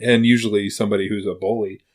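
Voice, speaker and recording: A man's voice: on the low side, level tone, fast talker, a little mellow. A man talking as a guest in casual podcast chat, friendly and plain-spoken.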